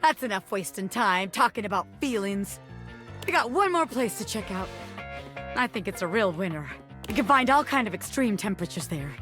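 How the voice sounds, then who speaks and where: A woman voicing a cocky young gangster who is a bobby pin, with tough streetwise talk and a soft side underneath. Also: medium pitch, expressive, normal speed, soft background music, close to an everyday voice. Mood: brash. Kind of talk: video game voice acting.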